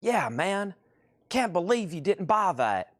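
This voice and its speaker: A man voicing a laid-back surfer-dude male guitarist, drawling and casual in a quick impression. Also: high-pitched, sing-song, no echo, clean studio sound, voice pushed up, exaggerated voice.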